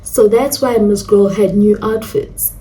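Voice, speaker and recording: A young South African woman telling a storytime vlog, animated and dramatic, slipping into local slang. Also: mid-range voice, measured pace, recorded from a distance. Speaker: storyteller vlogger. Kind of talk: casual storytime monologue.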